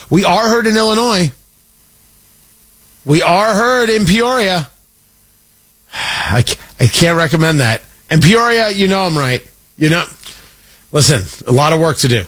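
A man's voice: high voice, expressive, normal speed, a bit bright, slightly rough. A man hosting a talk radio show, delivering a sarcastic, rambling political commentary monologue.

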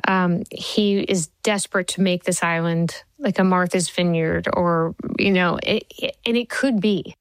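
A woman talking as an interview guest, an animated and chatty storyteller. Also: lowish voice, unhurried, hardly any pauses, clean tone, no room sound, poor audio. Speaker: TV show creator.

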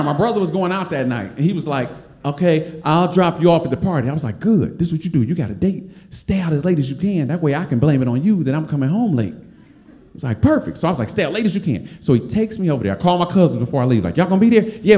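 A man in his forties from Detroit, a stand-up comic telling a personal story live, animated and laughing as he acts out other people's voices. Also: a little high, roomy sound.

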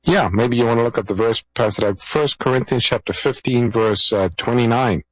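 A male pastor co-hosting a call-in Bible radio show, speaking gently and reassuringly. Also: medium pitch, brisk, no echo, low-quality recording. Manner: gentle, reassuring, reads out phone numbers. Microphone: studio microphone.

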